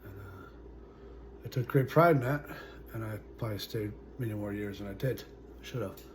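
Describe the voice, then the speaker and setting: A man in his forties telling his own story as a vlogger, halting and full of fillers, his sentences often trailing off quietly. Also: on the low side, slight background noise. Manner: halting, full of "uh" and "you know", trailing off softly. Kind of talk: personal storytelling to camera.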